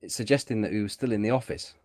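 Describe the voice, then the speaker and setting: Low-voiced guy rambling and joking on a gaming podcast, pretty laid back. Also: rapid-fire, darkish tone. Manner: chatty, rambling, teasing. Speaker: podcast co-host. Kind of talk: casual chat while gaming.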